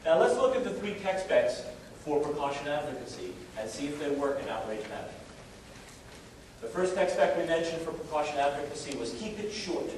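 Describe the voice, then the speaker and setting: A man's voice: on the high side, brisk. A man giving a live lecture to a room of listeners, speaking in a wry, conversational way with many fillers and restarts. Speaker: lecturer on risk communication. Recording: very echoey room, distant mic, steady noise.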